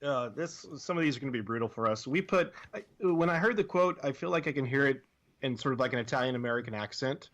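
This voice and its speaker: A man with a mid-range voice talks through his team's trivia guesses. He chats freely and is quick to poke fun at how little they know. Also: mid-range voice, lively intonation, a bit bright, lo-fi sound. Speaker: guest quiz contestant. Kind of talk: casual podcast chat.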